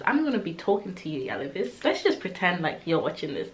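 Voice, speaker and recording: A woman's voice: on the low side, big pitch swings, brisk, hardly any pauses. A young woman hosting a music reaction video, chatting casually and gushing emotionally over each song. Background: song playing in the background.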